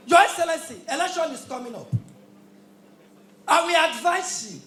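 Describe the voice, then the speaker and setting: A man with a Nigerian accent doing a stand-up comedy routine on stage, shouting his punchlines in Pidgin. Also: very high voice, lively intonation, normal speed, pauses often, a little hiss or hum. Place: live comedy show stage with audience. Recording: echoey live venue with crowd.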